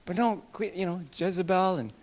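Pastor, male, slightly high voice, animated sermon delivery, loud bursts and soft asides. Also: brisk.

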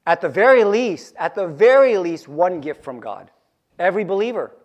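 A man preaching a sermon to his congregation, lively and jokey, repeating key phrases for emphasis. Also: sits high, moderate pace. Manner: animated, joking asides, repeats key phrases. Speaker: pastor.

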